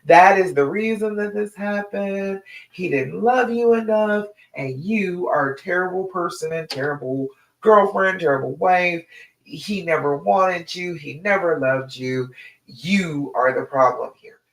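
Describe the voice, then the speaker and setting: A woman's voice: lowish voice, unhurried. A woman relationship coach giving a direct, emphatic live stream talk to her listeners. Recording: echoey room.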